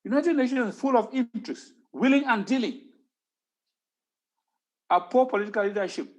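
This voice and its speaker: A man's voice: very high-pitched, animated, normal speed. A man giving an impassioned talk on history at an online town hall, stressing points by repeating words. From Cameroon.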